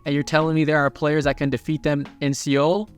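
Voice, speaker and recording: An arrogant villain speaks with sneering boredom in a recapped manhwa story, read out by a man in his own slightly high voice. Faint music plays behind him. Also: flat delivery, fairly quick, clear, resonant tone, lightly acted. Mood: greedy.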